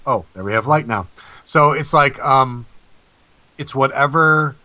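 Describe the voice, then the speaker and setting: A man's voice: mid-range voice, a little fast, pushed and bright, no room sound. A man hosting a paranormal talk show, telling a rambling personal story full of fillers. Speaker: host. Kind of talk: casual storytelling.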